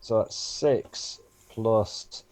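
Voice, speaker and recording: A man's voice: lowish voice, drawn-out words, noisy background. A man playing a tabletop game, describing his character's moves in a rambling, playful way. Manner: rambling, self-correcting, playful. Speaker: player. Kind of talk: casual tabletop play.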